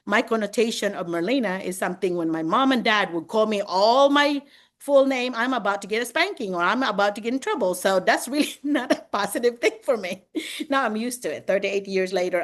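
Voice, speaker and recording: A woman in her fifties with a Filipino accent, hosting a casual video call with animated, chatty talk and frequent laughter. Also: mid-range voice, fairly quick. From Philippines. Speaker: host and teacher mentor.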